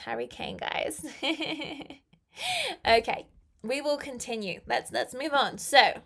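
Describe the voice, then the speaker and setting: Slow-talking British woman with a gravelly voice. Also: a little high, a bit bright. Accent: British English. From England. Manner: chatty, reads viewer comments aloud, laughs often. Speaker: English teacher hosting a live class. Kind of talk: casual live-stream teaching.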